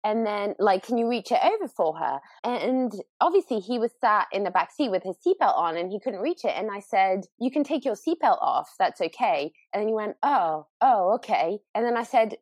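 A woman co-hosting a casual podcast chat, telling family stories with lively pitch jumps. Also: brisk, hardly any pauses, no room sound. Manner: animated storyteller, acts out voices with big pitch jumps. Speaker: podcast co-host.

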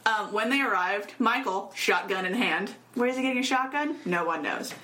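A woman casually retelling a story in a chat, animated and laughing often. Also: mid-range voice, moderate pace. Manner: animated, laughs often, acts out quoted voices.

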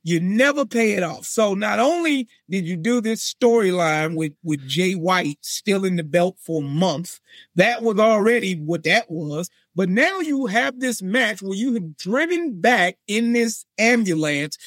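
A man talking casually on a podcast, animated and acting out his own reactions in quoted asides. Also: high voice, unhurried, dry recording. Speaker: podcast guest co-host. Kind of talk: casual wrestling podcast chat.

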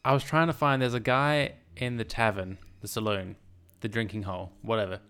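A man's voice: lowish voice, fairly even intonation, brisk, fairly bright tone, clean tone. A man co-hosting a casual film chat, dry and teasing in his comments. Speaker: podcast co-host. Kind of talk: casual chat about films.

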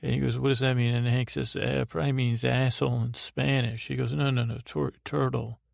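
A man's voice: mid-range voice, flat delivery, fairly quick, vocal fry, darkish tone, no room sound, studio quality. A man hosting a bedtime podcast, recapping a TV episode in a meandering way, with many restarts and quoted lines in his own voice. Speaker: podcast host. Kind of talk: rambling sleepy episode recap.

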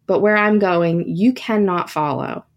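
A woman voicing a shy, distant young female ghost who speaks firmly and flatly. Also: fairly low pitch, measured pace.

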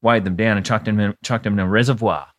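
Aussie bloke with a really deep voice telling a dark yarn, swears a lot, dry jokes. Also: male voice, flat delivery, fast. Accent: Australian. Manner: swearing, dry storytelling with wry asides. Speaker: podcast co-host. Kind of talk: casual chat.

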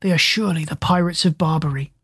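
A single audiobook reader voicing a dog who growls and mumbles in his sleep, in a low, husky voice. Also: quick pace, a bit bright, dry recording, clean studio sound. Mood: growling. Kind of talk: audiobook character voice.

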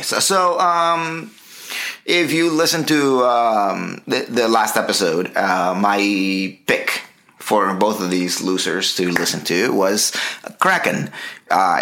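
A man hosting a casual podcast, joking around and swearing freely with his co-hosts. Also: on the low side. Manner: profane, joking, lively. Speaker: podcast host.

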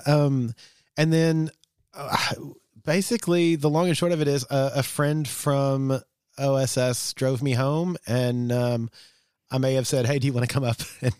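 A podcast co-host with a mid-range voice tells personal stories in casual chat, candid and rambling with plenty of fillers. The sound is clean studio quality with no echo.

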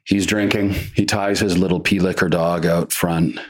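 A male actor chatting as a guest in an interview, telling rambling, animated stories. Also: low-pitched, moderate pace. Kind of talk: casual interview chat.

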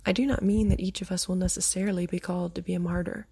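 Host, woman, reads devotional prose aloud, soft and near-whispered, gravelly and husky, dark tone. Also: fairly low pitch, level tone, quick pace. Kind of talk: reading a devotional text aloud with brief comments.

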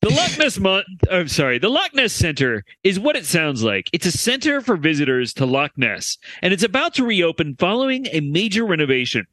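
A man's voice: high-pitched, brisk, few pauses, dry recording. A man co-hosting a comedy podcast, reading out a news story with quoted passages in casual chat. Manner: animated, reads quotes from an article.

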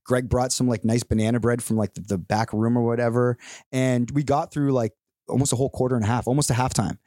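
A man co-hosting a podcast, telling stories in a casual, animated way and acting out the people in them. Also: mid-range voice, quick pace, no room sound, clean studio sound. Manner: animated storyteller who acts out the people in his stories. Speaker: podcast co-host. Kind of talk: casual chat.

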